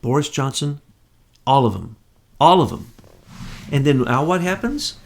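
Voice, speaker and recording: A man's voice: mid-range voice, big pitch swings, unhurried, creaky. An American man in casual political chat, scornful and mocking as he talks. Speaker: political commentator.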